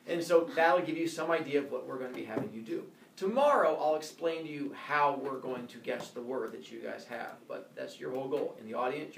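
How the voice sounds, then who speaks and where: A playful male teacher who jokes and bursts into mock shouts, with a lively, swooping voice. He is recorded from across a roomy classroom, with faint ambience behind him. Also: medium pitch, gravelly, far from the mic, a little hiss or hum. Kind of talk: classroom instructions. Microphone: phone recording from across the room.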